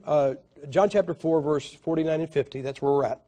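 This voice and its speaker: Man, evangelist, sermon storytelling, slightly high pitch, halting restarts. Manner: animated storytelling, swings between loud and quiet; halting, repeats words and restarts. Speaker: evangelist preacher.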